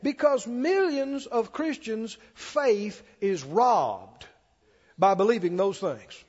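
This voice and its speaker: A man's voice: very high voice, very animated, slow pace, darkish tone, long reverb tail, muffled recording. A man preaching a sermon to a church congregation. He reads scripture aloud with swelling emphasis and keeps asking the congregation questions.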